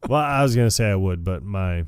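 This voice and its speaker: A man co-hosting a podcast, recapping a movie in casual chat, laughing often and acting out lines in lively voices. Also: fairly low pitch, quick pace, slight background noise. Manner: laughs often, acts out quotes in animated voices. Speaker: podcast co-host.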